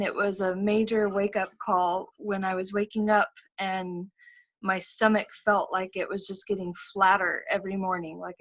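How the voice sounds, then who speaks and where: Woman, middle-aged, earnest testimony, lots of ums, video call mic, mid pitch. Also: a bit bright. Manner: earnest, many fillers, repeats phrases. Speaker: testimonial speaker.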